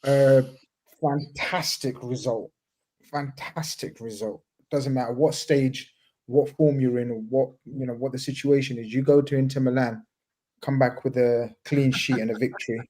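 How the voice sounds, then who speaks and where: A man's voice: medium pitch, level tone, moderate pace, dark tone. A man on a football podcast in casual chat, laid-back and chatty, often saying "man" and "you know what I mean". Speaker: podcast panelist, football fan.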